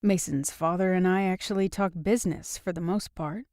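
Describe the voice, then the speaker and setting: A woman's voice: on the low side, moderate pace, no echo, clean studio sound, close to an everyday voice. A woman voicing a patient but frank young man in an audiobook. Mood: calm. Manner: calm but blunt. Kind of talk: audiobook dialogue reading.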